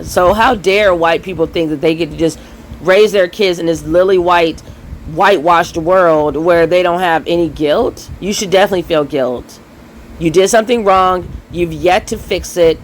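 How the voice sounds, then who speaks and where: Male commentary host, slightly higher voice, heated and profane, hammering his points home. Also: a little hiss or hum, low-quality recording. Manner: impassioned, profane, emphatic. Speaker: parent. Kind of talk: ranting commentary.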